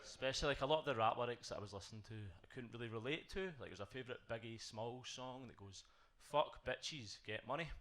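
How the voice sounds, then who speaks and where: A man's voice: medium pitch, quick pace, few pauses, a bit bright, a little hiss or hum. A British man doing a self-deprecating stand-up set made of punchy one-liners. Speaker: stand-up comedian. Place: comedy club stage with audience.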